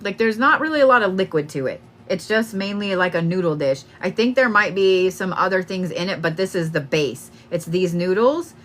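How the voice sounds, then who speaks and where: A woman's voice: on the low side, lively intonation, normal speed, few pauses, fairly bright tone. A young woman giving a casual psychic reading, laughing often and swearing freely. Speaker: psychic medium. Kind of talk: live-stream reading.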